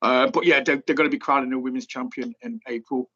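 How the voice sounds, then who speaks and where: A man co-hosting a casual podcast chat, rambling along with lots of "um" and "uh". His pitch sits in a medium range. The recording sounds slightly dull and lo-fi. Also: steady tone, fast, sharp tone. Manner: rambling, filler-heavy, chatty. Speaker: podcast co-host.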